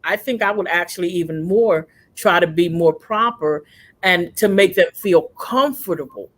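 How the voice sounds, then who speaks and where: A woman's voice: lowish voice, moderate pace. A woman hosting a casual discussion on a video call, telling stories animatedly and acting out voices. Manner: warm, animated storyteller, acts out voices. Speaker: host.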